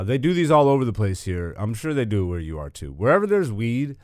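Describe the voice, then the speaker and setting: A young man hosts his own comedy podcast in a hyped, swaggering voice, swearing freely as he rambles through stories. His pitch sits at an ordinary middle height for a man. The sound is dry and close, with no room around it. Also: clean tone, dry recording. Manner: hyped, swaggering, profane storytelling. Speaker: podcast host and stand-up comedian. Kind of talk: casual solo podcast chat.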